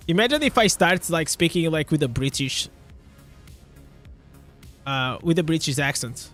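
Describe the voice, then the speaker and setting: A man's voice: a little high, animated, slow pace, pauses often, a bit bright, faint music behind. A young man with a Portuguese accent chatting casually on a live stream, often restarting his words and swearing now and then.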